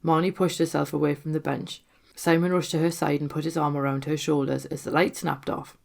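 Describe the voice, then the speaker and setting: A woman author reading her own ghost story aloud, with steady, suspenseful narration. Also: low voice, moderate pace, creaky.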